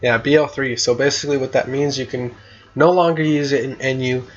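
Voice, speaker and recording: A man chatting casually on his gaming channel in a laid-back way, filling his talk with little laughs and pauses while he has the hiccups. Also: medium pitch, steady tone, highs cut off. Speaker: gaming YouTuber. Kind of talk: casual commentary on competitive play.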